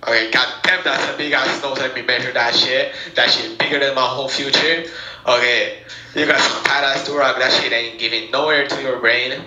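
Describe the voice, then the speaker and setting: A man's voice: medium pitch, fairly even intonation, normal speed, reverberant, background noise. A man on a video chat casually delivering crude insults. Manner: offhand, crude joking. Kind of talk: casual roast.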